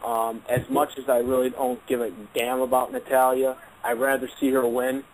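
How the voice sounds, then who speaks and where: Man, monotone, blunt talk show panelist, faint noise behind. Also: mid-range voice, moderate pace, poor audio. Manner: repetitive, blunt, full of ums. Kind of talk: casual chat.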